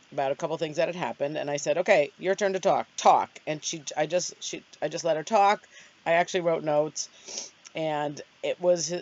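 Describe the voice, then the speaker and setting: A middle-aged woman with a low, darkish voice hosts her own vlog, chatting casually and rambling in a self-deprecating way. The recording has a dull, lo-fi sound.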